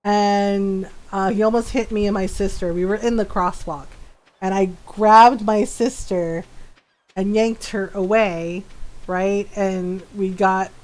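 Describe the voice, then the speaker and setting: A woman's voice: mid-range voice, fairly even intonation, slow pace, a little mellow. A woman streamer chatting casually while gaming, telling a family story with lots of laughs, fillers and tag questions. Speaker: game streamer.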